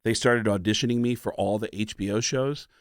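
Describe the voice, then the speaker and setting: A male comedian guest telling stories in a casual, animated way, slipping into voices as he goes. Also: lowish voice, a little fast, no echo, clean studio sound. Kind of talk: casual storytelling.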